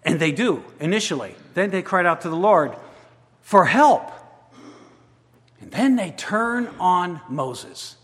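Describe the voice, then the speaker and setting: Slow-paced and expressive, a pastor with a high, fairly bright voice reads scripture aloud during a sermon. He comments on it using pointed rhetorical questions as a large hall's long reverb trails behind.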